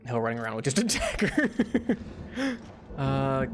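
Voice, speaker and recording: A man's voice: medium pitch, wildly swooping pitch, a little slow, noisy background. A young man streaming a video game, chatting casually and rambling with lots of restarts and laughs. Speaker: VTuber streamer. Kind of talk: casual gameplay commentary.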